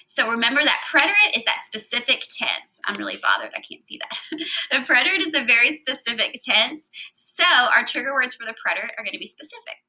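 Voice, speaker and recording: A young adult woman teaching Spanish grammar in a recorded lecture, explaining step by step in a clear, even way. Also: on the high side, fairly quick, poor audio.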